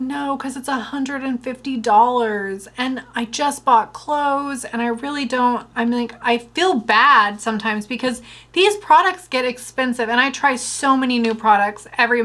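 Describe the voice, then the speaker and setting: A young adult woman beauty vlogger telling a story and reviewing products in a chatty, animated way with lots of fillers. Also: on the high side, normal speed.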